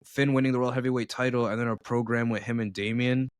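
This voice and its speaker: A man's voice: medium pitch, fairly even intonation, quick pace, dry recording. A man co-hosting a casual podcast, sharing his opinions with enthusiasm. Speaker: podcast co-host. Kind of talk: casual chat.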